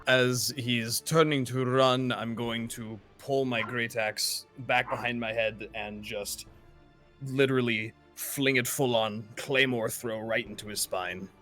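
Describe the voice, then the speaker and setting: A man's voice: mid-range voice, steady tone, slow, pushed and bright, faint music behind. A man playing a tabletop game, describing his character's moves eagerly and casually. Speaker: player.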